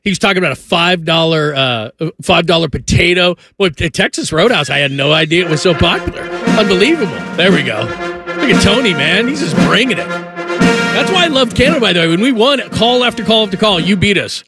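A man hosting a sports radio show, reacting excitedly to a caller. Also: sits high, fairly quick. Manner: excited, enthusiastic. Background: music.

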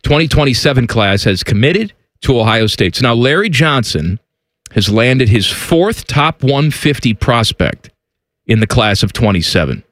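A man's voice: mid-range voice, normal speed, dry recording. A man co-hosting a sports podcast in casual, joking banter. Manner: joking, animated, jumps between goofy voices. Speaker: podcast co-host.

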